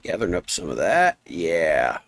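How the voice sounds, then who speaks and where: A man streaming a game live, chatting in an easygoing, rambling way and reading his chat aloud, with a rough voice. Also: sits low, huge pitch swings, unhurried, no echo, clean studio sound. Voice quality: rough, gnarly voice.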